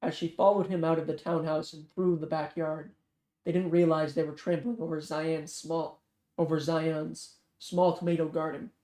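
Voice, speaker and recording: Casual novel reader, mid-pitched. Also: moderate pace, echoey room. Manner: steady narration with frequent self-corrections and restarts. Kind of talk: casual read-aloud of a thriller novel.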